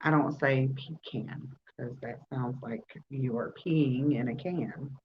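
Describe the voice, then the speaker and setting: A woman's voice: very deep voice, fairly even intonation, a little slow, slight background noise. A woman with a Southern US accent hosting a casual live podcast chat, talking easily and laughing often as she answers viewers. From Alabama. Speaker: podcast host. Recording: dull lo-fi livestream audio.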